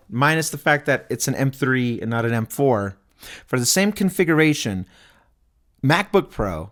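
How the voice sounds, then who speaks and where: A man hosting his own podcast, ranting casually and with exasperation, thinking aloud with many restarts. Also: medium pitch. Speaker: podcast host. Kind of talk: casual solo podcast rant. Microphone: podcast mic recorded into streaming software.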